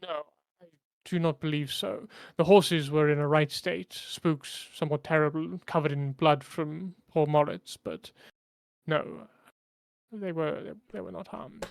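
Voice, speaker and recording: A man doing a shaken middle-aged innkeeper in a tabletop game, who talks in heavy, hesitant phrases. The voice is a little high, gravelly and smooth, on a dry close mic. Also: fairly even intonation, no room sound. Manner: heavy, halting, hesitant speech.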